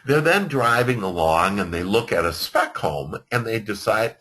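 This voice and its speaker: Animated, husky-voiced male storyteller. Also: fairly low pitch, moderate pace. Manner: rambling, with many fillers and restarts, animated storytelling. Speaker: self-help teacher. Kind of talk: storytelling lesson.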